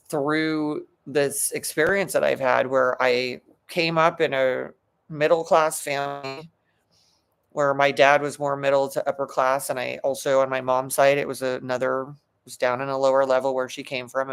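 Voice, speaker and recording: A woman's voice: very deep voice, flat delivery, a little slow, clean tone. A middle-aged woman, a psychologist and coach, giving a motivational talk in an earnest, emphatic way, often restarting her sentences.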